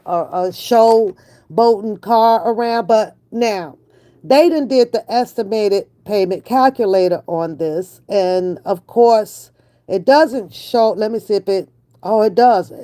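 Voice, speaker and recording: Slow-talking woman vlogger. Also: mid-range voice. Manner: animated, laughing, slangy and emphatic. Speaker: reaction channel host. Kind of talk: casual commentary vlog.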